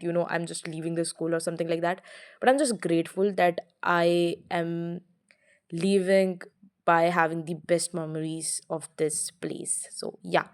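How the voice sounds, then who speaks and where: A woman's voice: on the low side, a little mellow. A young woman with an Indian accent talks in a casual, rambling way in a reflective vlog and slips Hindi phrases into her English. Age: young adult. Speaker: student vlogger.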